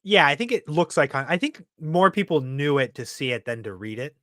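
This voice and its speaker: A man's voice: fairly high pitch, big pitch swings, fairly quick, a bit bright, dry recording. A man chatting as a guest on a livestream, making dry, wry remarks. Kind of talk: casual livestream chat.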